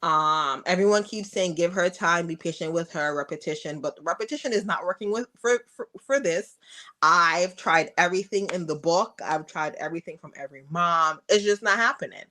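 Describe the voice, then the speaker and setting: Bright and forceful, her voice moves at a moderate pace as she tells podcast stories about mothering a toddler. She's frank throughout, voicing her exchanges with her daughter in a high, raised tone during the casual interview.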